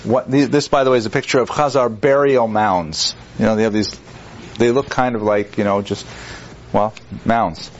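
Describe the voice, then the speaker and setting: A man's voice: fairly low pitch, normal speed, highs cut off, a little hiss or hum. A man giving a university lecture in a loose, conversational way, with many fillers and restarts and wry, acted-out asides. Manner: acts out quoted figures with wry humor.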